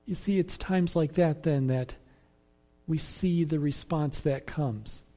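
A man preaching a sermon as pastor, in a measured, reflective way that repeats phrases for emphasis. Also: on the high side, warm tone.

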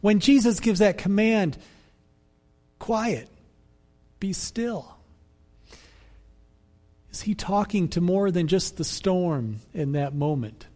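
A man preaching a sermon as pastor, in a measured, reflective way that repeats phrases for emphasis. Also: high voice, mellow.

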